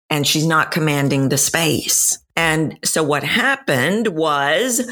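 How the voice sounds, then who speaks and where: A woman in her fifties with a Texan accent, a voice coach answering interview questions and telling stories with acted-out quotes. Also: deep voice. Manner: animated storyteller, acts out quoted voices. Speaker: voice and dialect coach.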